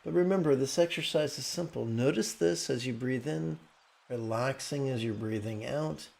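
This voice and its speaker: A man with a gravelly, creaky voice teaches meditation in a calm, explanatory way. His pitch sits in the middle, and he often restarts his sentences. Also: normal speed. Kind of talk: meditation talk.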